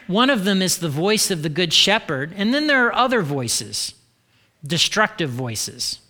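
A male pastor preaching a sermon, animated and acting out the voices he describes. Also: high-pitched, measured pace.

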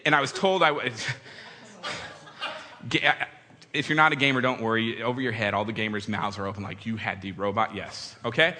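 A man in his thirties giving a humorous storytelling talk to an audience, animated and acting out quoted voices. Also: medium pitch, moderate pace, long pauses. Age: 30s. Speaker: speaker addressing an audience. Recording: long hall reverb.

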